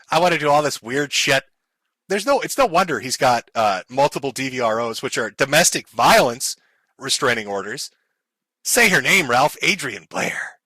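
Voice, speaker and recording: Male commentary host: high bright voice, dry close sound, crude and mocking delivery with frequent laughs. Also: no echo. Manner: profane, sneering, laughs often.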